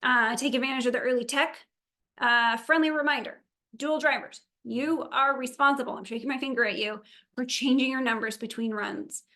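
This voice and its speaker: A woman's voice: high-pitched, steady tone, normal speed, sharp tone. A woman briefing a virtual meeting for event volunteers and drivers, upbeat, chatty and practical. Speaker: event organizer.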